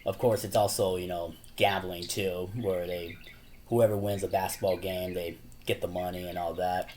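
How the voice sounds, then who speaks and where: A man talks in a relaxed, meandering way, filling his sentences with "you know" and "like". His voice sits on the lower side. He laughs often as he goes, and a faint background hiss stays under the talk. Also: normal speed. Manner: rambling, full of "you know" and "like"; laughs often while talking. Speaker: YouTuber. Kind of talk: casual chat.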